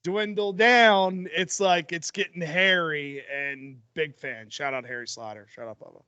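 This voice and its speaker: A young man with a high, bright, ringing voice chats on a podcast. He rambles eagerly and keeps restarting his sentences. The sound is dry and close. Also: measured pace, clean tone, dry recording, muffled recording. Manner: excited, rambling storytelling with restarts. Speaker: podcast co-host. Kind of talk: casual chat.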